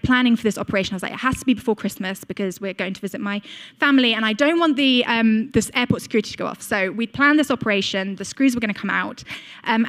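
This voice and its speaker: A young woman delivers a sermon through a personal story. She talks in a chatty, informal way, full of fillers and asides to her listeners. Her voice sits slightly high for a woman. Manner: chatty storytelling, frequent "like" and "um", lively asides to the congregation. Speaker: preacher.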